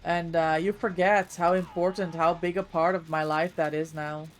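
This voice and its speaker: A woman's voice: fairly low pitch, little pitch movement, normal speed, slight background noise. A woman livestreamer chatting casually with her viewers while she plays, thanking them by name as she goes.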